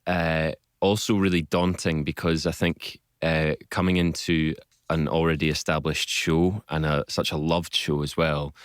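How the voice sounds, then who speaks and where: A Scottish man with a very low, smooth voice, talking modestly on a radio show. He laughs at himself easily, and the studio sound is dry and close. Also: dry recording. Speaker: radio guest, singer and actor. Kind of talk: casual radio interview chat. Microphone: studio microphone.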